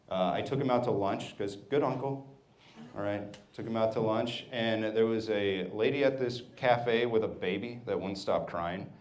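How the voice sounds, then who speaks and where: A man's voice: fairly low pitch, roomy sound. Thirty-something man doing stand-up. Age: 30s. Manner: storytelling, acts out family members in quick bits. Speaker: stand-up comedian. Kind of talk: stand-up set. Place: comedy club stage. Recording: live club audience laughter. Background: laughing audience.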